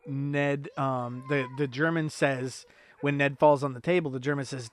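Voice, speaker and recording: A man's voice: medium pitch, steady tone, normal speed. A man co-hosting a casual movie review podcast, recapping the plot in a rambling way. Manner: rambling recap with fillers and quoted lines. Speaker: podcast co-host.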